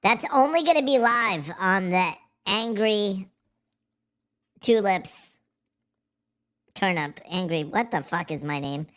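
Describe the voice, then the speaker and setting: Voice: mid-range voice, lively intonation, slow pace, pauses often, a bit bright. A livestream host chatting casually in a silly put-on voice, rambling, swearing and goofing around. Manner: profane, rambling, goofy.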